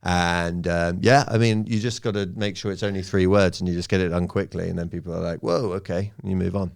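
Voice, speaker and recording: A young man with a very low, smooth voice, chatting on a podcast. He rambles through self-mocking stories in a loose, casual way. Recorded close on a studio microphone. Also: steady tone, fairly quick. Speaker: guest comedian.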